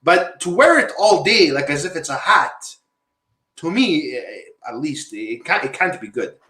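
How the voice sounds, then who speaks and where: A man's voice: on the high side, sing-song, measured pace, pushed and bright, echoey room. A man hosting a casual panel discussion, rambling and repeating himself as he makes his points. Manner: rambling, repeats himself, asks guests questions. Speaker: podcast host.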